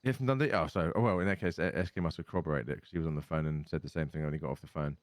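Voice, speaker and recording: A man's voice: a bass voice, very fast, no room sound. A tired man rambling and swearing in casual in-character chat while roleplaying in an online crime game.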